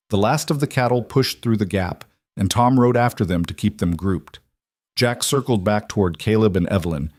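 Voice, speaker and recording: A man narrating a western story in a measured, dramatic storytelling manner. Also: on the low side, darkish tone, no echo, clean studio sound. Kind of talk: scripted audiobook narration.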